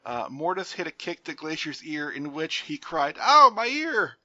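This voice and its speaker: Man, co-host, casual recap chat, somewhat high voice, muffled audio. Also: normal speed, bright, forceful tone, no room sound. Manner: jokey play-by-play recapping, laughs often. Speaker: podcast co-host.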